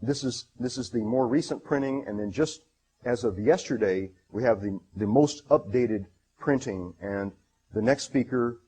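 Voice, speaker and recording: A man gives a lecture presentation in a husky voice, pitched neither high nor low. He talks in a halting way, with many fillers and restarts, and sounds enthusiastic about the passages he reads aloud. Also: warm tone.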